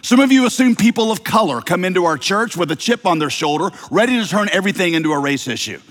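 Southern guy pastor preaching, kinda high voice, joking around between points, big echoey church sound. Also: expressive, fast, fairly bright tone. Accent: slight Southern American. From American South. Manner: conversational preaching with humor and rhetorical questions. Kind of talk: sermon. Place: church sanctuary.

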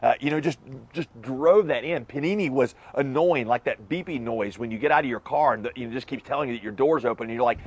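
A man's voice: mid-range voice, fast talker, slightly rough. A man preaching a sermon as a pastor, conversational and full of joking asides.

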